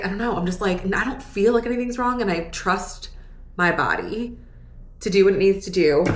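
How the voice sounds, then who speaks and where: A young woman speaks to her camera in a loose, rambling diary style, filling her sentences with "like." She sounds drained and close to tears, and her voice sits a little on the low side. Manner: candid, rambling, frequent "like" and laughter. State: exhausted, tearful. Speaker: vlogger. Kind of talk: casual vlog diary.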